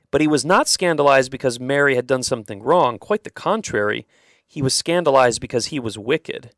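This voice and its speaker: A male radio host explaining a moral teaching in a relaxed, conversational manner, pausing on fillers and laughing a little. His voice sits at an ordinary middle pitch. The studio sound is dry and close. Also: no room sound. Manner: conversational, with fillers and small laughs, reads passages aloud.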